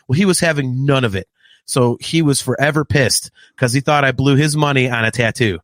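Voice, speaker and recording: A man in his late forties, a podcast co-host, chatting casually and telling animated stories with frequent laughter. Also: mid-range voice, fairly quick, no echo. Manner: animated storyteller who laughs often. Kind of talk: casual chat.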